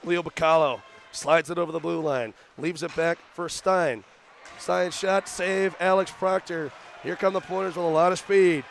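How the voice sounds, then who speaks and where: A young man doing radio play-by-play for a college hockey game, rattling off rapid calls that rise into shouts on shots. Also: a little high, steady tone, creaky, slight background noise. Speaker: play-by-play announcer. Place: arena broadcast booth.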